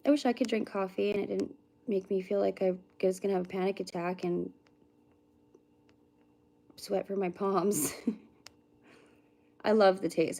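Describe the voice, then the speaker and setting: A chatty woman gives live psychic readings in casual livestream talk, greeting viewers by name and humming and muttering to herself between readings. Her mid-range voice is level, creaky, and dark, moving at a moderate pace with long pauses.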